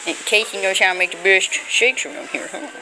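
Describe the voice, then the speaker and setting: A woman feeding a toddler in a fast-food restaurant, coaxing and teasing him in playful baby talk while filming on a handheld phone. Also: mid-range voice, steady tone, pushed and bright, rough recording. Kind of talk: casual talk to a small child.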